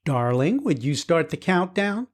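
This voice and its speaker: An easygoing, cheerful father at the rocket controls, read by a man. He sounds upbeat and patient, with a pitch that bounces around. It is a family audiobook voice. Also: sing-song, measured pace. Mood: jovial. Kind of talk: audiobook character voice.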